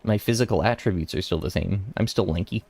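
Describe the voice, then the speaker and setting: A man's voice: low voice, a little fast, vocal fry, darkish tone, slightly rough, no echo. A young man chatting casually while streaming a game, rambling with restarts and laughs. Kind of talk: casual gaming stream chat. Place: home room.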